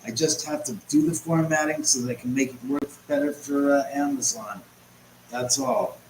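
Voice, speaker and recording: A man's voice: mid-range voice, normal speed, darkish tone. Chatty man hosting a home livestream. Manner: chatty, rambling, answers the chat aloud. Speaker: host. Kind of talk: live-stream chat, reading viewer comments. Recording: roomy echo, faint background noise.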